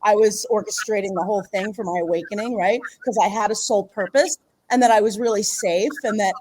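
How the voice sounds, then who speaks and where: A middle-aged woman from the Philadelphia area, a guest on a podcast, tells a personal story in a casual, animated way. She laughs often and acts out what people said, speaking a little fast in a mid-range voice. The recording quality is low.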